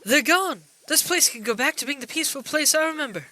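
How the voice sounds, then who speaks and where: A man voicing an elderly female creature who leads her village, in a high, thin, quavering old-lady voice. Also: expressive, fast talker, pushed and bright, heavily acted. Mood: gracious.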